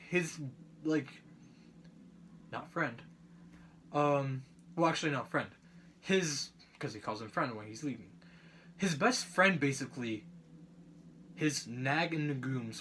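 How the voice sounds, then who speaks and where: A man's voice: fairly high pitch, a bit bright, a little hiss or hum. A young man giving a casual student presentation on a book chapter, rambling with lots of fillers and self-corrections.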